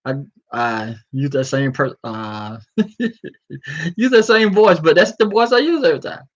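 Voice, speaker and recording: A man in a casual vlog, ranting loosely and stumbling over a word now and then, with a voice a little high for a man. The audio is dull and lo-fi. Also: unhurried. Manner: animated, freestyling rant with stumbles over words. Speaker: vlogger. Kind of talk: casual commentary and article reading.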